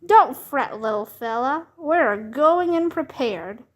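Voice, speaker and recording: Storybook read-aloud: woman reads a kid putting on a slow cowboy drawl, tough talk, very unhurried. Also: high voice. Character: bold young girl playing a drawling cowboy. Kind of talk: children's book read-aloud.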